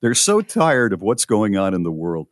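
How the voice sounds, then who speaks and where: Middle-aged male radio co-host, low and animated, dry studio mic. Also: moderate pace, dry recording. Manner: lively, exclamatory, hesitant fillers. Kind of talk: casual radio chat.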